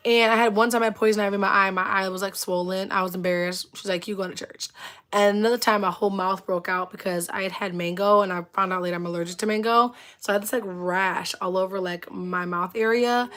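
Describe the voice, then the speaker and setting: A woman runs a casual livestream, talking fast with hardly any pauses in a medium-pitched voice. Her stories ramble and are full of "like," and she laughs often, stays expressive, and greets people in the chat.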